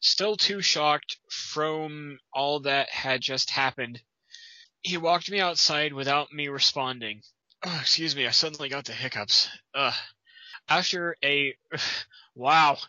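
A man's voice: on the high side, slow, pushed and bright, no echo, muffled recording. A man co-hosting a comedic fan-story reading, riffing on the text in a sarcastic, incredulous way.

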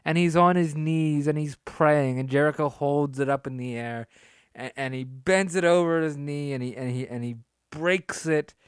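A man co-hosting a casual wrestling podcast, animated and laughing, drawing words out for emphasis. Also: fairly high pitch, normal speed, clean tone, no room sound, studio quality. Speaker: podcast co-host.

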